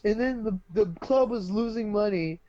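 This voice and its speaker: A man co-hosting a podcast, retelling a movie plot in a profane, animated casual chat. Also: sits high, normal speed, muffled recording, a crowd in the background. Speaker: podcast co-host.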